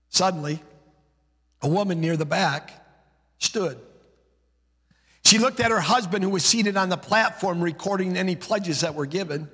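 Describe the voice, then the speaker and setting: A man's voice: high voice, measured pace, fairly bright tone, slightly rough, in a large hall. A male pastor preaching a sermon, emphatic, building his points through rhythmic repeated lists.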